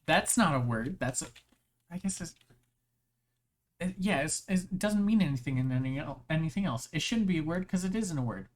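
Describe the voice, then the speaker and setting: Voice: medium pitch, expressive. A live streamer chatting casually, rambling playfully with frequent restarts and laughter. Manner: halting, with many restarts.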